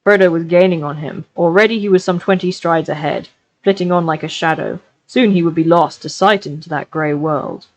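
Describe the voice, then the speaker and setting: Woman reading a novel aloud, expressive. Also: lowish voice, slight background noise, poor audio. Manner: expressive reading, slowing down for dramatic passages. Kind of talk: live-streamed book reading.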